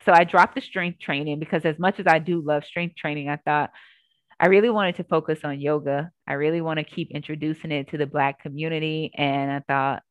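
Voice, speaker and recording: A woman yoga instructor telling her story in a casual interview, earnest and animated, acting out what people said. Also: sits low, brisk, clean tone, dry recording, dull audio.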